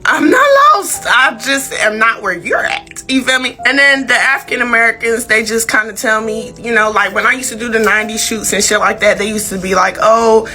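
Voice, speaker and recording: A woman's voice: a little high, steady tone, a little fast, few pauses, pushed and bright, soft background music. A young woman from Georgia with a Southern country accent, telling her story candidly to camera in a casual, profane drawl.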